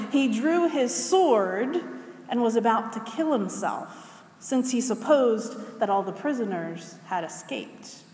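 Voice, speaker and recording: A woman preacher reading scripture aloud and then preaching in a measured way, asking her listeners questions. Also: on the high side. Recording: echoey hall with long reverb.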